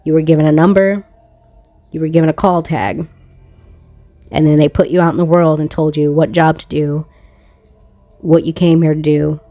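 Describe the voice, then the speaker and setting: Woman tarot reader, phone-recorded rant, lowish voice, confrontational and profane, dry. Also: fairly even intonation, normal speed, long pauses, dark tone, no room sound. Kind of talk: casual tarot reading monologue.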